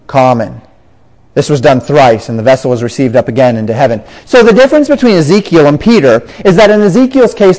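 A man's voice: on the high side, a little mellow, rough recording. Man preaching a Bible sermon.

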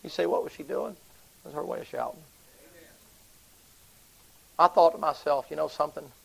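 A preacher tells a story during a sermon, his voice slightly high with a gravelly rasp. He moves between near-whispered, hushed stretches and loud, climbing bursts. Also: moderate pace, poor audio.

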